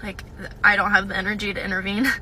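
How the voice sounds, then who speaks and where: Bright-voiced young woman telling a story. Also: medium pitch, flat delivery, fast talker, a little hiss or hum, low-quality recording. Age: young adult. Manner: hesitant, with frequent "um" and "like". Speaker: university student. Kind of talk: casual storytelling to camera.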